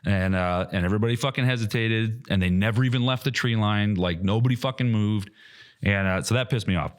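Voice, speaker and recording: A man co-hosting a podcast, telling a heated, profane story with loud mocking quotes. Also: fairly low pitch, brisk. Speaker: podcast co-host. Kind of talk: casual podcast chat.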